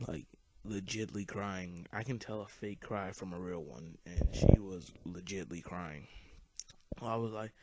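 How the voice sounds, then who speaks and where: A man's voice: deep voice, measured pace, very noisy. A teenage boy telling a personal story in a rambling, casual way over gameplay, with lots of fillers and swearing. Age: teens. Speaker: YouTube commentator.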